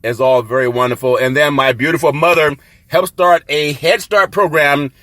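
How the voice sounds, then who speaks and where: A man's voice: on the high side, steady tone, normal speed, no echo. Exuberant man hosting a sports podcast. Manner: exuberant, hypes himself, shouts catchphrases and laughs. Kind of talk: casual sports talk show monologue.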